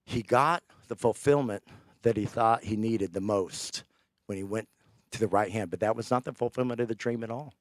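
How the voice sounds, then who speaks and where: A man preaching a sermon, telling a scripture story with animated, acted-out character lines. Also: on the low side, moderate pace, no echo, studio quality.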